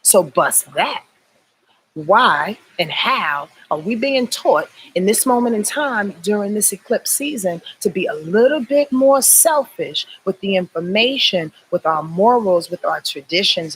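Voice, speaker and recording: A woman's voice: medium pitch, lively intonation, measured pace, slight background noise, poor audio. A woman astrologer hosting a casual livestream, talking in an emphatic, profane, preachy way. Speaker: astrologer and YouTube host.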